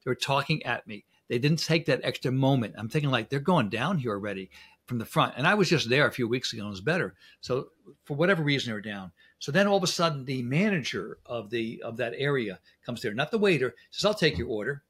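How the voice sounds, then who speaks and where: Middle-aged man, husky voice, mid pitch; chatty interview guest who acts out little exchanges while telling stories. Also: expressive, quick pace, fairly bright tone. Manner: anecdotal, speaks in quoted exchanges. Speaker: guest, dental implant specialist. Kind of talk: casual interview talk.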